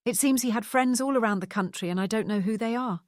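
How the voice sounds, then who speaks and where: A woman's voice: on the high side, quick pace, darkish tone, dry recording, clean studio sound, pitched above the performer's own voice, close to an everyday voice. A woman voicing a wary middle-aged male ex-detective who speaks tersely in an audiobook. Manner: terse, plain questions.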